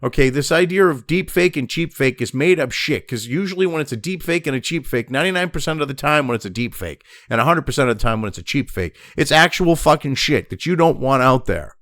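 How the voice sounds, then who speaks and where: An American political commentary host with a medium-pitched, animated, slightly bright voice talks fast with hardly any pauses. He reads news aloud, then angrily and crudely mocks it in a profane rant. The sound is dry, with no room sound.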